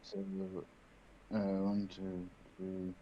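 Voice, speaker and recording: A British man takes his turn in a tabletop game, his speech slow and halting, filled with uhs. His voice comes through dull and lo-fi, with a faint hiss underneath. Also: low voice, monotone. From Britain. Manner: slow and hesitant, many uhs. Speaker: player. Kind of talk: casual tabletop play. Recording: dull lo-fi sound, faint noise.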